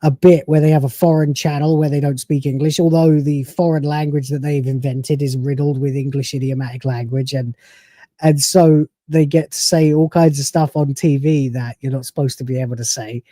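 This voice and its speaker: A man's voice: on the high side, steady tone, moderate pace, mellow, no room sound. A man hosting a live stream, reacting to a video with profane, ranting commentary and frequent laughter.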